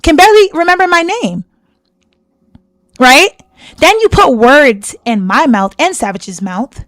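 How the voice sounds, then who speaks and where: A fairly high-pitched woman hosts a reaction video, confronting someone with indignant, heated commentary. She hammers her points home by repeating them. Her voice sounds dry and close to the mic. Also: lively intonation, measured pace, fairly bright tone, no echo. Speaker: reaction channel host.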